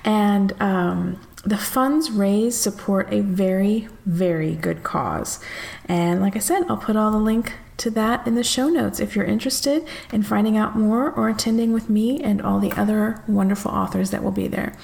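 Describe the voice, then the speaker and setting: Woman host, bubbly and gushing, with some vocal fry. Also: mid-range voice, darkish tone. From United States. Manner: bubbly, gushing, quick to laugh. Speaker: podcast host. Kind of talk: casual interview chat.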